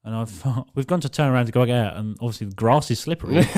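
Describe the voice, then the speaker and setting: A man's voice: mid-range voice, expressive, quick pace, darkish tone. A man co-hosting a podcast, chatting casually, laughing and swearing freely. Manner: swears a lot, laughs while talking. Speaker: podcast co-host. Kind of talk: casual chat.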